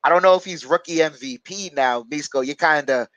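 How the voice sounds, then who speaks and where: Hosting a live basketball watch-along, a man reads out viewers' chat and replies casually, chatty and hesitant with lots of fillers. His voice is slightly high and fairly bright, a little fast. The audio is dull but free of echo.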